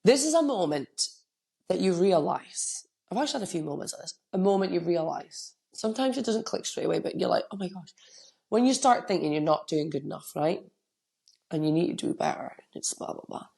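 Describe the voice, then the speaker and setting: A woman's voice: on the low side, animated, a little fast, gravelly, warm tone. A middle-aged woman with a cold, hosting a solo podcast as a coach and speaking candidly and emotionally into a microphone. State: has a cold, coughing.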